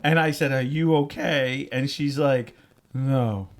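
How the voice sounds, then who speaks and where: A man's voice: medium pitch, slow pace. A middle-aged man, a podcast co-host, telling a rambling story in casual chat, full of fillers and restarts. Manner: laughs through his words.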